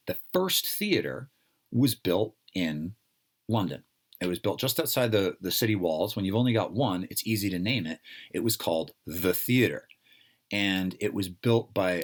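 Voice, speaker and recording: A man from the United States giving an informal lecture, talking conversationally with many fillers and asides. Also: low-pitched.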